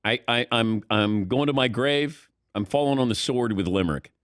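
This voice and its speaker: A man's voice: medium pitch, normal speed, smooth, no echo, clean studio sound. A man hosting a sports talk show, chatting casually with his crew, upbeat and often laughing. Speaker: show host. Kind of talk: casual studio banter. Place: radio studio.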